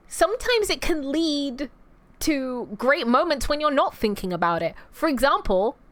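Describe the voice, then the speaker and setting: A young woman chatting on a livestream, rambling and restarting thoughts as she goes. Her voice sits slightly high, and her tone stays casual and talkative. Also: a bit bright. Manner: chatty, rambling, self-interrupting, laughs easily. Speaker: streamer.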